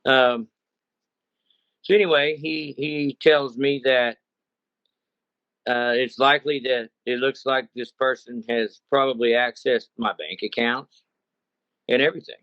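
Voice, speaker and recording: A man's voice: mid-range voice, fairly even intonation, unhurried, pauses often, dry recording. A man who runs a cattle ranch telling his story in a rambling, folksy way, often repeating himself. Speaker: consumer telling a scam story. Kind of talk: casual first-person account. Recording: dull lo-fi sound, dry.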